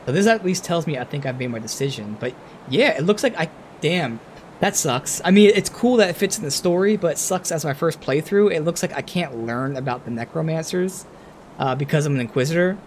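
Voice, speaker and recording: A man's voice: fairly high pitch, fairly quick, slight background noise. Man thinking aloud over gameplay. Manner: thinks aloud, bursts of excitement. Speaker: streamer. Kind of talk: casual gameplay commentary.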